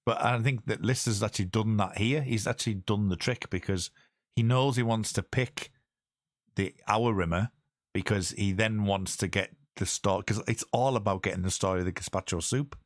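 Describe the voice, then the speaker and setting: A low-pitched man hosts a podcast in a loose, casual chat. He rambles and restarts his sentences as he works through a point. His voice sounds close and dry, with no room around it. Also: moderate pace, dry recording. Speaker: podcast host.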